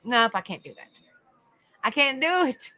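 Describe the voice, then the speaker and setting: Chatty bright-voiced woman. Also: high-pitched, a little slow, rough recording. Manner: chatty, rambling, animated storytelling. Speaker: livestream host. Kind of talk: casual live-chat storytelling.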